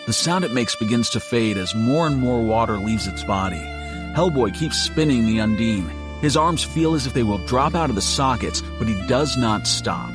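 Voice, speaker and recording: A man narrating an audiobook in a steady, measured storytelling voice. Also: mid-range voice, music in the background. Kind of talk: scripted narration.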